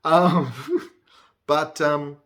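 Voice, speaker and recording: A man giving a casual music theory lesson as a songwriter, explaining rhythm by counting beats aloud in a relaxed, rambling way with restarts. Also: a little high, drawn-out words.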